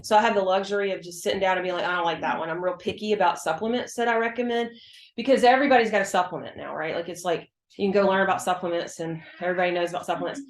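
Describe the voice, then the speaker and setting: A woman's voice: mid-range voice, racing. A woman working as a hormone health practitioner, chatting emphatically in an interview and acting out her exchanges with patients. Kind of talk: casual interview explanation. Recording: roomy echo.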